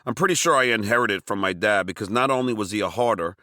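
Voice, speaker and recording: A man from Long Island narrates his own memoir with a bright, sharp-edged voice. His delivery is wry and self-mocking, punching up the quoted lines with loud bursts. The sound is close and dry, with no room around it. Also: on the low side, quick pace, no room sound. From Long Island, New York. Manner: wry, self-mocking comic storytelling with sudden shouted quotes. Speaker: memoir author reading his book.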